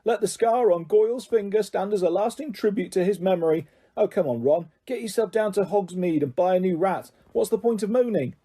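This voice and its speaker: A man doing cheeky joker Fred, pitched up. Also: fairly quick, hardly any pauses, mellow, husky. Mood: cheeky bracing. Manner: bracing, wisecracking. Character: joking teenage boy, cheeky older brother.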